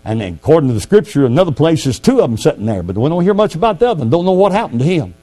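A man preaching a sermon fervently, swinging from quiet asides to loud exclamations. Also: on the high side, sing-song, racing.

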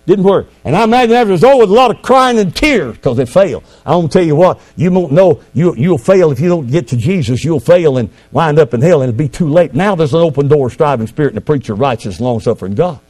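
A man preaching a sermon fervently, swinging from quiet asides to loud exclamations. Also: on the high side, lively intonation, quick pace, hardly any pauses.

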